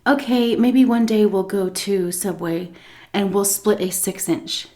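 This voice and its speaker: A woman's voice: medium pitch, a little slow, a little mellow, lightly acted. A woman voicing a sugary-sweet woman who talks with overly nice politeness, in a syrupy, falsely sweet manner.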